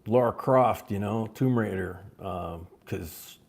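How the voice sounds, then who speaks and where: Man, auctioneer, low gravelly voice, unhurried, chatty asides. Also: a little mellow. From Chicago, USA. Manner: chatty, calls out bidders' names and bids between asides. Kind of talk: live-streamed coin auction chat.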